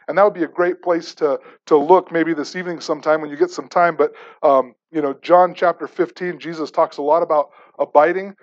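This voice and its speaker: A man's voice: on the high side, fairly even intonation, a little fast, hardly any pauses, dull audio. A man preaching a sermon as pastor, repeating rhetorical questions and restarting words with stammers.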